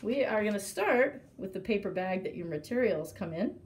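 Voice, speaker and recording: A woman with a medium-pitched voice reading a children's story aloud with lively expression. She sounds like a librarian at storytime, recorded in a library, walking kids through a simple craft. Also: moderate pace.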